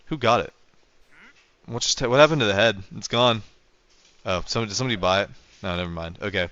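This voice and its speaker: A young man livestreams a game, speaking fast in a lowish, smooth voice that sounds pushed and bright. His casual commentary to viewers rambles and corrects itself, captured on a dull lo-fi mic.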